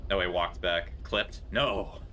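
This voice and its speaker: A male streamer chatting casually with his audience as he plays, sarcastic and quick to joke. His voice sits low but has a bright, forceful edge. A faint hum of noise runs underneath. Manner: joking, sarcastic, laughs often. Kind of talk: casual live-stream chat while gaming.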